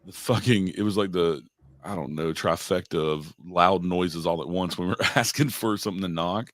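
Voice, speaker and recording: A man's voice: deep voice, moderate pace, no room sound. A man co-hosting a podcast in casual chat, swearing often and laughing as he tells his stories. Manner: profane, laughs often while telling stories. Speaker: podcast co-host.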